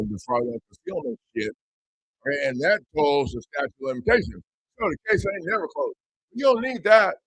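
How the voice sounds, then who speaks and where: A man's voice: fairly high pitch, creaky, a bit bright, no echo, rough recording. A man in a casual livestream chat, talking in a blunt, profane and defiant way. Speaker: host.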